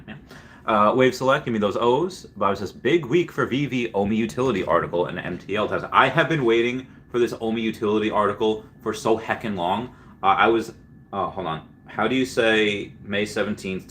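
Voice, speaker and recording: A man hosts a casual livestream in a rambling, offhand way, filling his talk with fillers and quick restarts. His voice sits on the lower side yet comes across bright and forceful. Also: slight background noise. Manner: rambling, filler-heavy storytelling. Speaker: livestream host.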